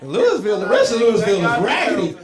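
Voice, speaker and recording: A man's voice: high-pitched, huge pitch swings, fast talker. A man from Columbus, Ohio, doing a stand-up comedy set, with loose, profane, rambling banter with the crowd, on a club stage with a handheld mic. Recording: echoey club with crowd laughter.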